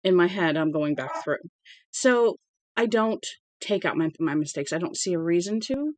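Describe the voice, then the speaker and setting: An amateur audiobook reader giving a casual read-aloud with chatty asides, stumbling on words and correcting them out loud. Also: mid-range voice, animated, normal speed, dry recording. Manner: conversational and unpolished.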